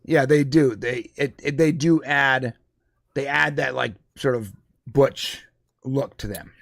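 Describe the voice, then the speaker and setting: A man's voice: mid-range voice, takes it slowly, creaky, a bit bright, no room sound, clean studio sound. A man co-hosting a live podcast, talking casually with frequent restarts and fillers. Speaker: podcast co-host. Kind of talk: casual live-stream chat.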